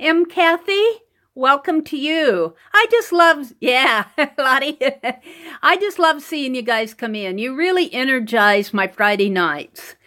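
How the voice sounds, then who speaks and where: Woman, art livestream host, chatty, laughs a lot, high bright voice. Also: expressive, takes it slowly. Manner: chatty, laughs often, greets viewers by name. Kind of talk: casual live-stream chat while painting. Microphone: computer mic over wireless connection.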